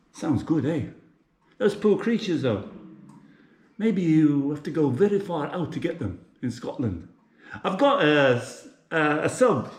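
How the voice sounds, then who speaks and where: A man from England with a slightly high voice cooks on the hob at home and chats casually to his viewers. Frying and sizzling fill the background of this vlog, and the kitchen sounds echoey.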